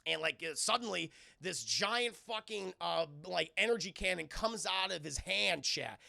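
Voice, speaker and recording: A man's voice: high voice, unhurried, gravelly, no room sound. A man streaming a casual, profane scene-by-scene film recap to his live chat, acting out the scenes. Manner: animated, swearing, acting out scenes.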